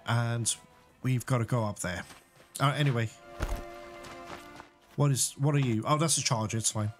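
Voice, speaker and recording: Excitable man at a game. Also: medium pitch, moderate pace. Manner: chatty, excitable, panicky and laughing. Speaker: gaming YouTuber. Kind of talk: let's play commentary. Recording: game music playing loud behind the voice.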